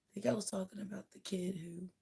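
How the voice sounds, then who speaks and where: Woman, raspy worn-out voice, soft half-whisper, slow drawl, very breathy, monotone. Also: medium pitch. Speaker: livestream host. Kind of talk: late-night livestream chat with viewers.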